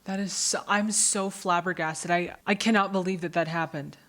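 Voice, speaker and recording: A woman's voice: on the low side, steady tone, normal speed, loud music behind the voice. A young woman hosting a movie reaction, talking casually and emotionally, exclaiming and rambling with lots of "like".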